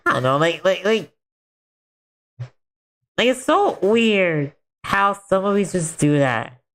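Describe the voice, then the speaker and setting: A man's voice: high voice, very animated, slow, fairly bright tone. Rambling young-sounding streamer guy. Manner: rambling, packed with "like" fillers. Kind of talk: casual chat while gaming.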